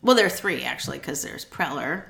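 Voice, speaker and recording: A woman's voice: sits low, animated, brisk, vocal fry, crowd noise. A young woman hosting a podcast, telling a true crime story in a playful, teasing way and quizzing her co-host. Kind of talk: casual storytelling chat. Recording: echoey room with faint noise.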